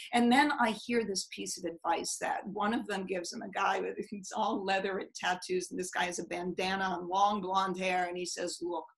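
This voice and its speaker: A woman's voice: medium pitch, low-quality recording. A woman who teaches storytelling, telling a personal story in a conversational way with plenty of fillers, over a video call. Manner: lively, conversational, with many fillers.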